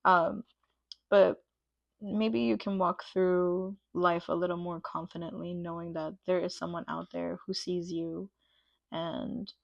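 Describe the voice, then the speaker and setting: A woman gives a pick-a-card tarot reading in a gravelly, fry-laden voice. She gushes and gets emotional, scattering "like" through every thought. The recording sounds dull and lo-fi, with a dry, close sound. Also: fairly low pitch, flat delivery, unhurried, no echo. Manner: gushing and emotional, many "like" fillers. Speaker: tarot reader.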